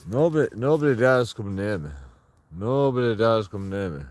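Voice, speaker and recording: An angry, profane man ranting and taunting people, recorded outdoors on a dark path at night. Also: on the low side, lively intonation, moderate pace, no room sound. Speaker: street auditor filming himself. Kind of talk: confrontational vlog rant.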